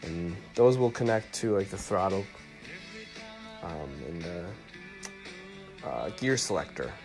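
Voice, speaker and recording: A man explaining his boat restoration in a relaxed, halting way with plenty of fillers, recorded on a phone in his home garage. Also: low voice, over music. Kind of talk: casual how-to narration. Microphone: phone camera.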